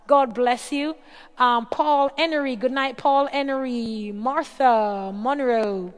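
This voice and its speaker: A woman's voice: sits high, slow pace, clean tone. A woman hosting a casual livestream, reading out viewers' names one by one, her voice a little tired. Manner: reads out viewer names and greets them warmly one by one. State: voice tiring. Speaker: livestream host. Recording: long hall reverb.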